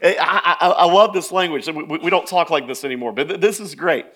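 A man preaching a sermon, talking plainly with stammers and restarts, then rising to loud, emphatic scripture reading. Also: a little high, brisk. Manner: conversational asides with restarts and stammers. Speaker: pastor.

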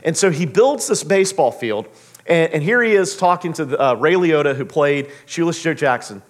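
A man in his thirties delivers a sermon, his voice a little higher than most men's. He tells stories with animation, swinging from soft, low asides to excited, acted-out lines. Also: moderate pace. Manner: animated storyteller, acts out quotes with big pitch jumps. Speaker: pastor.

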